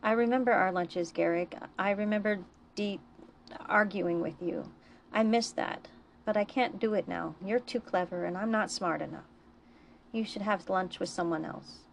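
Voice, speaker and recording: A woman's voice: medium pitch, normal speed, creaky, natural voice. Reader-voiced figure: woman doing subdued, hesitant young man, faint hiss behind. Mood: nervous. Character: troubled, nervous young male doctor.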